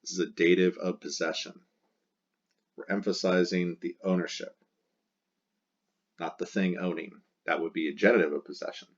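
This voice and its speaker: Deep-voiced man teaching a lesson. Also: steady tone, normal speed, long pauses, highs cut off. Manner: patient, step-by-step, repeats key words. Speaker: Latin teacher. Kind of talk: explaining a textbook exercise.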